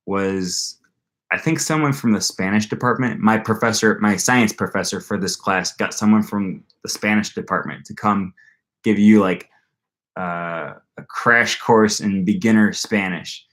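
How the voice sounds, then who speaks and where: A young man chats loosely on a live stream, talking about learning languages and reading out comments from viewers. His voice sits on the low side, and he wanders through his thoughts with lots of ums and restarts. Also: a bit bright. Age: young adult. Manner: rambling, many fillers and restarts; reads viewer comments aloud. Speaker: language-learning channel host. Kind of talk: casual live-stream chat.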